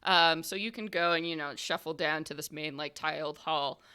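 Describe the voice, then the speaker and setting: Bright-voiced woman game master. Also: low voice, steady tone, moderate pace, clean tone. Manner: casual, chatty, many "um"s and "like"s. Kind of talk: narrating a tabletop game.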